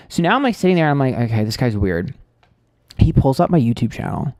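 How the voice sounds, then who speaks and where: A man's voice: mid-range voice, lively intonation, fast, a little mellow, no room sound, clean studio sound. A young man hosting a tarot livestream, telling a date story in a blunt, sarcastic, gossipy way with plenty of fillers. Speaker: tarot reader and livestream host.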